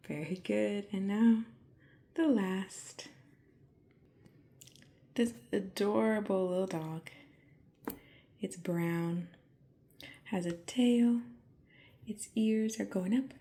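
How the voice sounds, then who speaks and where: Speaking softly and often half-whispering, a woman gives small children a calm, gentle lesson and playfully imitates animal sounds. Her mid-range voice draws words out, and she pauses often.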